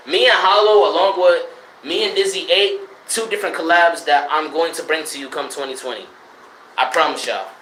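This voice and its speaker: A young man from Connecticut ranting profanely to his live chat in a loose, animated way, jumping between loud outbursts and low mutters. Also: roomy sound, a little hiss or hum. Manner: profane, animated, swings between shouting and mumbling. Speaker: livestreamer. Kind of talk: unfiltered casual rant to live chat. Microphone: streaming mic.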